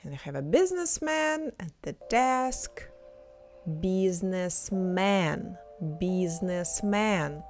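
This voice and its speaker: A woman teaching a language lesson, saying each word clearly and repeating it for learners to imitate. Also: high voice, wildly swooping pitch, normal speed, few pauses, faint music behind.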